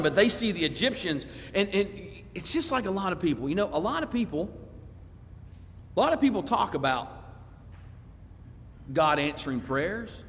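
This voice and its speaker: Animated preacher in a reverberant church. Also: male voice, fairly high pitch, breathy edge. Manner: animated, swings between loud emphasis and quiet asides; acts out congregants' voices mid-sermon. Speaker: preacher teaching a Bible class. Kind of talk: sermon. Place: church sanctuary.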